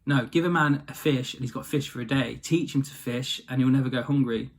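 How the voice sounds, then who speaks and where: Jack is a dim but cocky lad with a cheeky, pushy way of talking. A man gives him a plain mid-pitched voice. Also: a little fast, close to an everyday voice.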